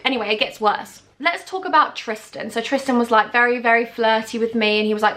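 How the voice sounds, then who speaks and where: A young woman in her twenties telling a storytime vlog to camera, animated and acting out the people she quotes. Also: on the high side, fairly quick. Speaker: YouTuber.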